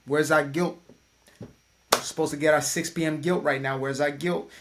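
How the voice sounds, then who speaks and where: A man's voice: a little high, fairly even intonation, normal speed, gravelly, noisy background. A man voicing his own body as a pushy figure that demands its usual guilt, in an insistent, slangy way.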